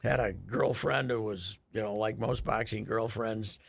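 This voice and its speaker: A man's voice: lowish voice, measured pace. An older man telling a rambling, chuckling story in casual radio chat, with frequent restarts. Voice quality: gravelly, husky. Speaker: radio show regular.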